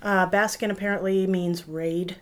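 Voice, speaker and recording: A woman's voice: mid-range voice, steady tone, normal speed. A woman with a voice that sits in the middle of her range chats casually as a podcast co-host. Her remarks are wry and teasing. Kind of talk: casual chat.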